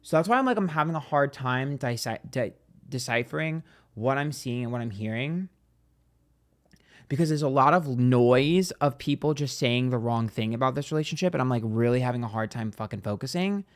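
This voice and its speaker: A man doing a tarot reading to his viewers in a loose, rambling way. He trips over his words and repeats himself, then pushes hard with blunt, swearing emphasis. His pitch sits in an ordinary middle range for a man. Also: moderate pace. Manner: rambling, hesitant, emphatic and profane. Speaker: psychic tarot reader. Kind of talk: casual tarot reading to camera.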